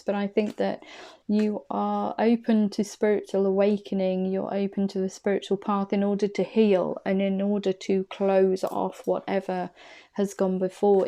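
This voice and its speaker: Gravelly-voiced woman giving a tarot reading. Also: medium pitch, dark tone. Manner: rambling and chatty, laughs often, self-correcting. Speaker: intuitive tarot reader. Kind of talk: casual spoken tarot reading to camera.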